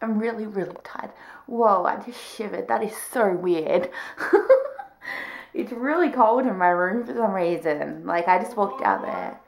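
A woman's voice: medium pitch, expressive, measured pace, creaky, low-quality recording. A young woman chatting casually in a vlog, giggling often and talking in baby talk to her dog. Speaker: vlogger. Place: walking outdoors on a street, later in bed at home.

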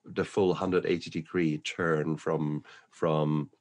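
A man's voice: extremely low pitch, little pitch movement, takes it slowly, a little mellow. A man from New Zealand hosting a podcast interview, talking thoughtfully and searching for his words as he goes. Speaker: podcast host. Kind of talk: conversational interview.

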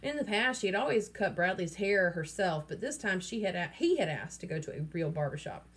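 A woman's voice: lowish voice, sing-song, brisk, a little hiss or hum. A woman reading a children's novel aloud and casually stopping to explain the story. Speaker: reader.

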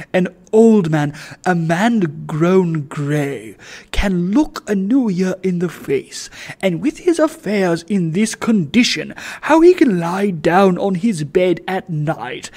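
A man voicing a pompous, self-righteous wealthy old gentleman in a storybook reading, speaking slowly and loftily. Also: fairly high pitch, gravelly, heavily acted. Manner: slow, lofty, emphatic. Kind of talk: audiobook reading.

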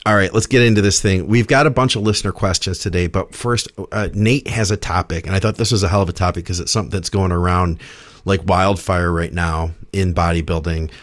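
Low-voiced laid-back male podcast host. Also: fairly quick, no room sound. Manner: relaxed, loose, filler-heavy delivery. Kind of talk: casual podcast chat with sponsor reads.

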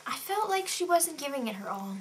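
A woman co-hosting a casual chat, tossing in quick retorts and laughs. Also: sits high, big pitch swings, slight background noise. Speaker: co-host.

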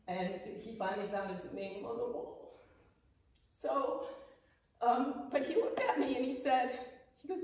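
A woman's voice: medium pitch, normal speed, a little mellow, slight background noise. Emotional woman telling her story in an echoey room. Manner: emotional, chatty, acts out quoted dialogue. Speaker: speaker giving a presentation. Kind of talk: personal talk to a small audience. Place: apartment clubhouse room. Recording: echoey room, mic far off.

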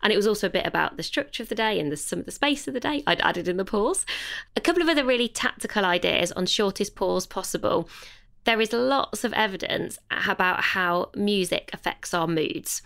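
A woman's voice: mid-range voice, expressive, brisk, gravelly, fairly bright tone. A woman co-hosting a podcast, talking in a reflective, hesitant way with many fillers. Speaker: podcast co-host. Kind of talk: casual podcast chat.

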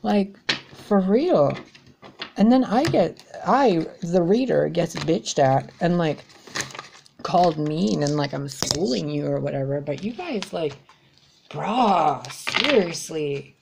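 A woman's voice: low-pitched, lively intonation, a little slow, creaky, noisy background. A woman giving a tarot reading in a blunt, exasperated way, swearing freely as she talks to her viewers. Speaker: tarot reader.

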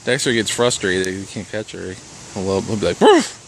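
A man's voice: sits low, fairly even intonation, normal speed, fairly bright tone, a little hiss or hum. A young man filming his dogs outdoors, cheering them on and laughing, with casual swearing. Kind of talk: casual commentary while filming pets.

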